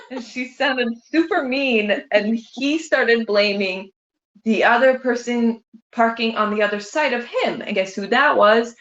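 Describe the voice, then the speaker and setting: A woman with a high, fairly bright voice speaks a little slowly, casually sharing humorous family memories with her mother and laughing a lot. Her storytelling was captured in an echoey room with dull sound.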